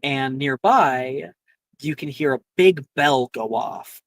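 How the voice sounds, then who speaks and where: A game master narrating a tabletop role-play slowly and hesitantly, pausing to think and filling gaps with ums. The voice sounds dry and close. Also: medium pitch, no room sound. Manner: hesitant, many fillers.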